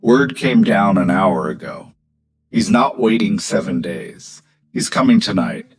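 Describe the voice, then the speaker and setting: A man reading the part of an anxious old country doctor in an audio story, breathless and urgent, with a low, steady voice. Faint music sits under the reading. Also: a little slow.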